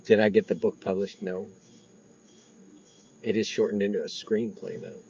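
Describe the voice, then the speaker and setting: A man's voice: fairly low pitch, little pitch movement, moderate pace, mellow, husky, muffled recording. A man, rambling casually to viewers during a delivery livestream. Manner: rambling, chatty, talks to viewers. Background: faint crickets and insects.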